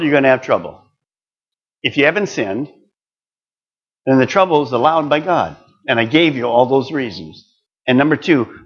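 A man's voice: medium pitch, lo-fi sound. An older man preaching a sermon, earnest and building to emphatic exhortation.

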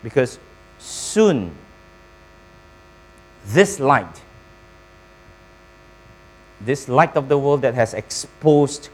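A man preaching a sermon, pausing between phrases and quizzing his congregation. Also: medium pitch, a little mellow, rough recording. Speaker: pastor.

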